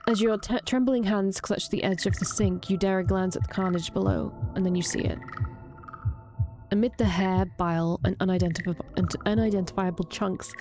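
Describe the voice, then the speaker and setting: A woman reading a horror visual novel aloud, drawing out the grisly parts slowly with brief reactions. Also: mid-range voice. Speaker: streamer reading a game aloud.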